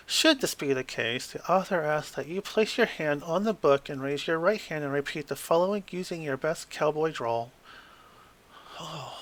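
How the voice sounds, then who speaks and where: Guy reading an rpg book out loud, kinda high voice, cracks jokes, trips on big words. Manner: reads aloud with wry asides and stumbles over hard words. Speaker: tabletop game book reviewer. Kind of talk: casual book flip-through, reading passages aloud.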